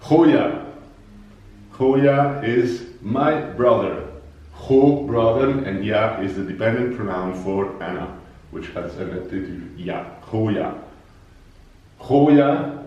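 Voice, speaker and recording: Male language teacher, unhurried and lowish, patient drills and repetitions; very echoey room, mic set far off. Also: a little mellow. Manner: patient, repeats words slowly for learners. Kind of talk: slow explanatory lesson.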